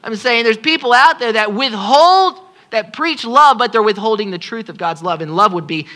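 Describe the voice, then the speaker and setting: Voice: mid-range voice, expressive, moderate pace, few pauses, sharp tone. A pastor preaching a sermon at a congregation service, impassioned and pleading, repeating phrases for emphasis.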